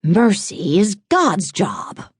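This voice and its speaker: A woman voicing a cold, unhinged male killer in an audiobook, speaking in a husky, taunting way that turns eerily calm. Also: no room sound, studio quality, heavily acted. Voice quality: husky, low and slow. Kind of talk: audiobook character voice.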